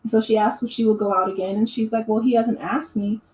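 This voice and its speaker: A woman's voice: on the high side, fairly even intonation, quick pace, darkish tone. A woman chatting through an opinionated casual recap, full of "you know" and "um". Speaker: YouTube recap host. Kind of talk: casual reality-TV recap commentary. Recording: echoey room with faint background noise.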